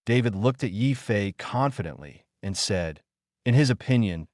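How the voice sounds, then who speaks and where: A man reading an audiobook in a steady scripted narration, lifting his voice slightly for quoted lines. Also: on the low side, normal speed, dry recording, studio quality.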